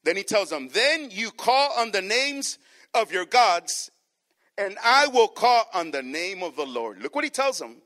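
A man with a strikingly high voice and a bright tone preaches a sermon. He reads the scripture aloud and stretches key words for emphasis. He keeps turning to the congregation with questions and calls of "church". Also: sing-song, unhurried.

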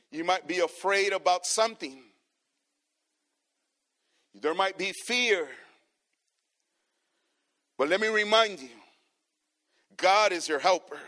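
A man preaching a sermon to his congregation, swinging from soft, low passages to loud, emphatic ones. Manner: addresses the congregation as church. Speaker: pastor.

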